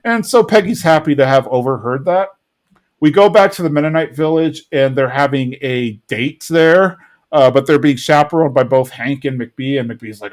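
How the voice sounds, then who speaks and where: A man's voice: medium pitch, moderate pace. A man co-hosting a podcast, casually recapping an episode and rambling, sometimes acting out characters' lines. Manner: rambling, acts out lines in funny voices. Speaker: podcast co-host.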